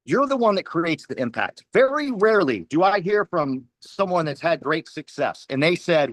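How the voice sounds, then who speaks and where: A man's voice: on the high side, very animated, normal speed, hardly any pauses, no echo. A man giving a fiery, preachy motivational pep talk to his team, hammering points with repetition. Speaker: team leader speaking at a company huddle.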